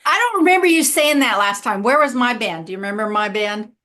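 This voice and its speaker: A woman with a bright, somewhat high voice co-hosts a casual chat. She affirms her guest eagerly and sounds enthusiastic throughout. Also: expressive, a little fast. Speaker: co-host. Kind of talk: casual conversation.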